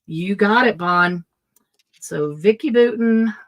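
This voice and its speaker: A woman's voice: medium pitch, slow pace. A middle-aged woman hosting a live craft supply sale, chatting casually and thinking aloud as she sets prices. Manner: chatty, thinks aloud while pricing items.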